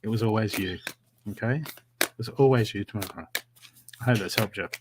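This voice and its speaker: A man giving live psychic readings from home, talking in an animated, encouraging way with a lot of repetition. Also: on the low side, a little fast, background noise. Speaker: psychic reader. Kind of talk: live-streamed spiritual reading.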